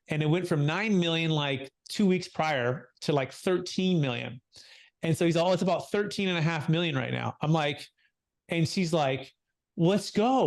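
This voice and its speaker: Man, young adult, somewhat high voice, lively storyteller, acts out quotes, podcast interview. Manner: animated storyteller, acts out quotes, many fillers. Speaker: guest, capital gains tax advisor.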